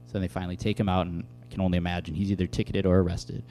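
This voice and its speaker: A man preaching as a pastor, explaining scripture in a relaxed conversational way and telling everyday stories to make his point. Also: deep voice, rapid-fire, slight background noise. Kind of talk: sermon.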